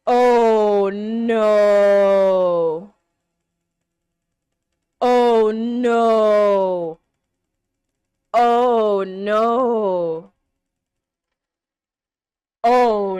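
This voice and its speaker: A young woman reacting to an anime episode, exclaiming and gasping, swinging between hushed murmurs and loud outbursts. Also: mid-range voice, very slow, long pauses, clear, resonant tone, no room sound. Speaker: reaction streamer.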